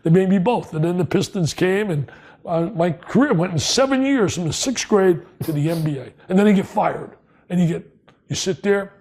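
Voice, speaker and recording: An older man from New Jersey sits high in pitch and talks at a moderate pace as an interview guest telling stories. He's excitable and emphatic, repeating lines for punch.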